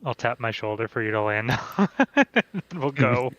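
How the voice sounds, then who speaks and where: A man playing in a tabletop game, reacting with swearing and slow remarks. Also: medium pitch, animated, fairly bright tone, a little hiss or hum. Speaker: player. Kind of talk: tabletop role-play.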